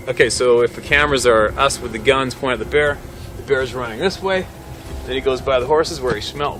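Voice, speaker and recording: A man's voice: medium pitch, noisy background. A middle-aged man, a hunting guide, telling a story vividly and laughing between lines. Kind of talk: animated storytelling. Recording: music playing under the voice.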